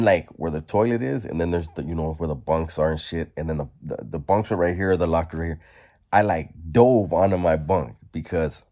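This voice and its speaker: A man vlogging, telling a story casually in a profane, slangy, animated way. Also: low voice.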